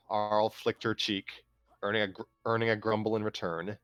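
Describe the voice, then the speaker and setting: A man calmly narrating a fan story aloud on a livestream, steady with small restarts. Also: lowish voice, moderate pace, dry recording, soft background music. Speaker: storyteller host.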